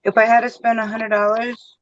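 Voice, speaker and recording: A man's voice: extremely high pitch, completely flat delivery, a little fast, a bit bright, no echo, muffled recording. A man chatting casually while face painting, rambling with lots of fillers.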